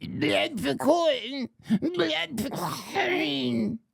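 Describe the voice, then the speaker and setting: A man doing a shrill chanting kobold striker. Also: expressive, drawn-out words, creaky, no echo, clean studio sound, exaggerated voice. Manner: chanting slogans, drawn out. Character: angry male kobold union striker.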